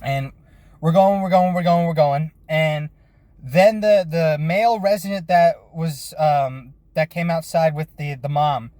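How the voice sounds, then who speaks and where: A man telling a lively, profane story about his work as a bounty hunter, with frequent restarts. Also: on the high side, measured pace, no room sound. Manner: lively retelling with swearing and restarts. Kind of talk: casual storytelling vlog.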